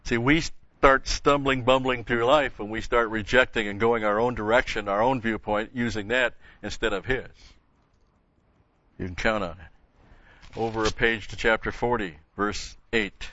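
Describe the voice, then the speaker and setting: A man's voice: fairly low pitch, fairly even intonation, a little slow, sharp tone, no room sound. Older male Bible teacher, emphatic sermon delivery, dry close sound, muffled lo-fi recording. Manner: emphatic, stresses key words, repeats phrases. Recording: dull lo-fi sound.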